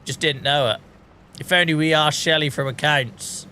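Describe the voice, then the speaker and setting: This is a British streamer's casual live-stream chatter as he plays a game, ranting and cracking himself up with his jokes. His voice sits fairly high and sounds pushed and bright at a normal speed, over slight background noise.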